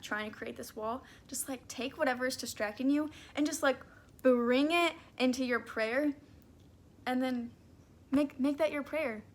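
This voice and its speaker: A young woman with a slightly high voice talks to camera in an earnest, rambling way, full of "like" and quick restarts. A faint hum of ambience sits under her voice. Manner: chatty, lots of "like" and restarts, earnest. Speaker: faith vlogger. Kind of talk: casual spoken reflection to camera.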